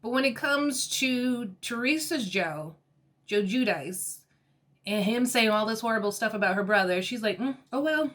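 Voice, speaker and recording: A woman giving a casual, animated recap of a reality show episode, exasperated and often laughing. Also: a little high, normal speed.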